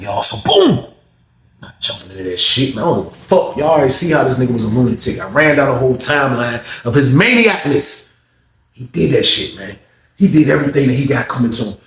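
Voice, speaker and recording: A man telling a story casually, animated and profane, repeating lines for effect. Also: mid-range voice, vocal fry. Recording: echoey room.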